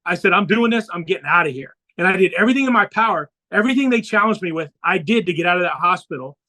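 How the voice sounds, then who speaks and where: A man's voice: high-pitched, animated, very fast, bright, forceful tone, poor audio. A man on a podcast, earnestly telling a personal story and acting out the dialogue he quotes. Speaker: podcast guest.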